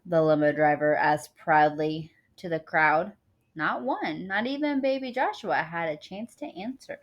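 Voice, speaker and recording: A woman reading a picture book aloud with lively expression, dropping casual asides to her listeners. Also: low-pitched, unhurried. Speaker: storyteller.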